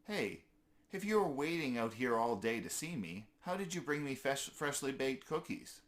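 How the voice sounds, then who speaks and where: A man's voice: medium pitch, big pitch swings, normal speed, fairly bright tone, pitched above the performer's own voice. A man voicing a polite, hungry young male squirrel who asks eager, slightly wary questions. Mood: earnest.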